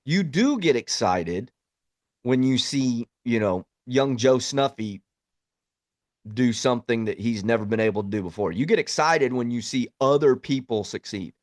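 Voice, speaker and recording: A man's voice: mid-range voice, moderate pace, a little mellow, no room sound, studio quality. A plainspoken man, an Army veteran, talking bluntly in a reflective podcast monologue.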